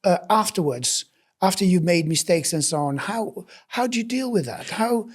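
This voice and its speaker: A man hosting a podcast interview, with a notably high-pitched voice. He asks thoughtful questions and often repeats words and restarts as he looks for the right phrase. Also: expressive, normal speed, breathy edge. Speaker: podcast host.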